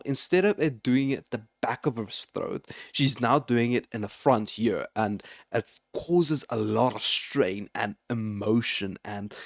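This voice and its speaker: A man's voice: mid-range voice, no room sound, studio quality. A man, a metal vocalist, giving casual, effusive reaction commentary that keeps sliding into being overwhelmed. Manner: effusive and emotional, repeatedly overwhelmed. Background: faint music playing.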